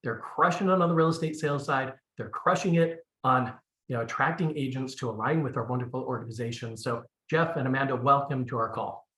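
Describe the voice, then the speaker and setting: A man hosting a coaching call, delivering an energetic pep talk and introducing his guests. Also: mid-range voice, fairly quick, reverberant. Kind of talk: video call interview.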